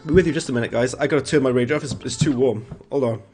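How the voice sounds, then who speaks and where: A man's voice: medium pitch, quick pace, darkish tone, breathy edge. Chatty male gamer rambling over gameplay. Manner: chatty, rambling, chuckles at his own jokes. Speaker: gaming streamer. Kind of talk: casual gameplay commentary. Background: faint game music.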